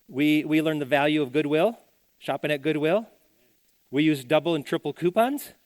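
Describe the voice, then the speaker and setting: A man's voice: a little high, normal speed, darkish tone, no echo. A middle-aged male pastor preaching a sermon in a conversational way, repeating phrases and acting out the voices of the people he quotes. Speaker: senior pastor. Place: church.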